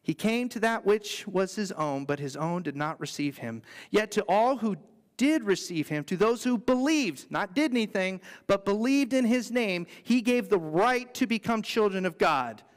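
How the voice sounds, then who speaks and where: In a high, light voice, the male pastor preaches expressively at a moderate pace, keeping it earnest and conversational while slipping in playful asides. The church sanctuary lends his voice a long reverb.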